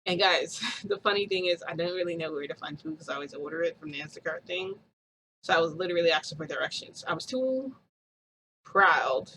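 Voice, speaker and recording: A woman vlogger telling a story to her viewers in a chatty, animated way, acting out quoted dialogue. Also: on the low side, a little hiss or hum, rough recording.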